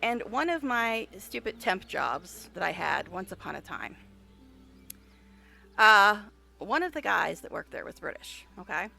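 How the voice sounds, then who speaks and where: Woman streamer, bright, gravelly voice, chatty and laughing, talks to chat. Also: medium pitch, big pitch swings, measured pace, faint music behind. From United States. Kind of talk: casual chat while live-streaming a game.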